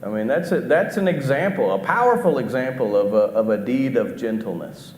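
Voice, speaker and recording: Male preacher, middle-aged, mid pitch, halting and question-driven delivery, roomy church reverb. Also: expressive, a little mellow. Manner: asks the congregation questions, halting restarts. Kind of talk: conversational sermon. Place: church auditorium. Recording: echoey hall with faint background noise.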